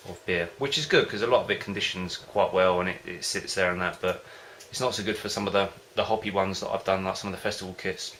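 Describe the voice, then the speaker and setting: With a low, somewhat bright voice, a man rattles along fast with hardly any pauses while vlogging about home brewing. His casual chat to camera rambles, hesitates and loses the thread, against slight background noise.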